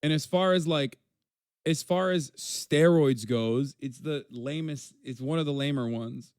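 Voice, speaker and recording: A man's voice: fairly high pitch, measured pace, darkish tone, smooth, no echo. Blunt, profane male streamer, dry sound. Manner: blunt, profane, talks back to chat. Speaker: streamer reacting to a video. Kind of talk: casual live-stream commentary.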